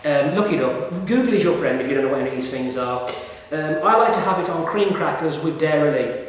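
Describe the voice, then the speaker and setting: A man's voice: a little high, animated, a little fast. Chatty man, echoey room. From United Kingdom. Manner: rambling, chatty, many fillers and restarts. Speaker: food reviewer. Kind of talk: casual vlog talk. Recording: echoey room with long reverb.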